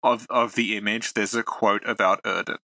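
A man's voice: fairly low pitch, fairly even intonation, moderate pace, sharp tone, no echo. A man co-hosting a casual podcast about game lore, talking in a hesitant way with lots of fillers and restarts. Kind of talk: casual chat.

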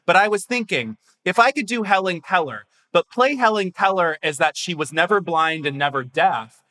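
Bright-voiced playful male interviewer. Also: sits high, lively intonation, rough recording. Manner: playful, asks questions, quick asides. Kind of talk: casual interview chat.

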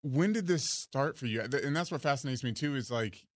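A man's voice: medium pitch, lively intonation, fairly quick, no echo. Easygoing man co-hosting, dry mic. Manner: easygoing, laughs often. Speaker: podcast co-host. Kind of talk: casual chat.

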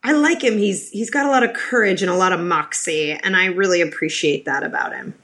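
A woman's voice: fairly low pitch, brisk, a bit bright. A middle-aged woman guesting on a podcast, talking in a loose, chatty way. She tells stories with plenty of restarts and asides. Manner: chatty storyteller with many restarts. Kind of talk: casual interview chat.

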